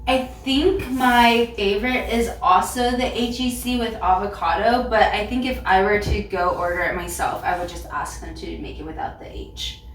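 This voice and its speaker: A woman's voice: medium pitch, moderate pace. A woman co-hosting a casual food review chat, cheerful and thinking aloud with ums. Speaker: co-host. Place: restaurant. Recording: echoey room, mic far off, faint noise.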